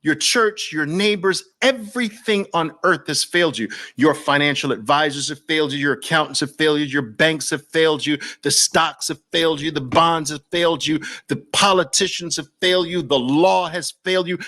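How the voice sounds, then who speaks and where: A man's voice: fairly high pitch, moderate pace, few pauses, bright, forceful tone. A man with a Brooklyn accent hosting an impassioned, preachy talk to camera, hammering points home through repetition. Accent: New York, Brooklyn. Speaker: host.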